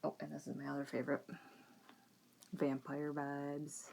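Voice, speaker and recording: A woman in her thirties chats casually and frankly as a podcast host, her voice pitched on the low side. A faint hiss of background noise sits under the recording. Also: completely flat delivery, normal speed, gravelly, dark tone. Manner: chatty, frank, fretful about the kids' schooling. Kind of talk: casual chat.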